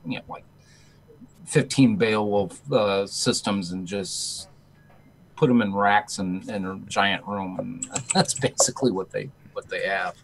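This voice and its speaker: Slow, hesitant man on a video call. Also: lowish voice, vocal fry, slight background noise, poor audio. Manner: slow, hesitant, many fillers. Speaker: call-in participant.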